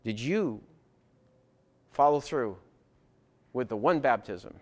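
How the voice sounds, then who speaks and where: A man's voice: mid-range voice, expressive, takes it slowly. A man preaching a sermon in a church, earnest and emphatic, hammering home key phrases through repetition. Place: church with baptistry.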